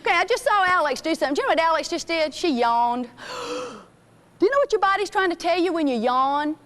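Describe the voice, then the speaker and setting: A woman's voice: extremely high pitch, lively intonation, fast talker, fairly bright tone. A woman teaching a children's fitness class in a gym, encouraging and calling out names and commands. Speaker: physical education teacher.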